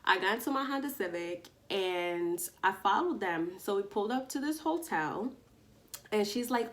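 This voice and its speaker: A woman's voice: mid-range voice, moderate pace. Slangy New woman telling a story. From Long Island, New York. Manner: animated, slangy storytelling with re-enacted dialogue. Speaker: vlogger. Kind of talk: casual storytime. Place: indoors at home, daytime.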